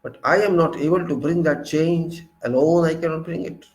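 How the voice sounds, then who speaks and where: This man, a political commentator, has an Indian English accent and rants indignantly, repeating phrases and firing off rhetorical questions. His voice is on the high side with a darkish tone, at normal speed, on a rough recording.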